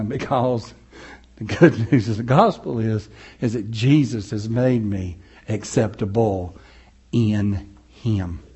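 A man preaching a sermon, moving between loud, rising passages and low, slow, soft ones, chuckling often. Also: breathy edge, highs cut off. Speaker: pastor.

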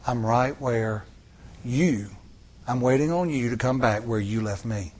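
A man's voice: mid-range voice, a little slow, a little mellow, slightly rough. A middle-aged man preaching a sermon to a congregation, with repeated rhetorical questions and rising emphasis. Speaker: pastor.

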